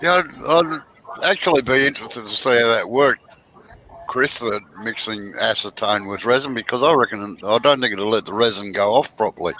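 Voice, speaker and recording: A man's voice: mid-range voice, moderate pace, bright, forceful tone, slight background noise, poor audio. A man, chatting in a laid-back way on a video call. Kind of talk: casual chat on a video call.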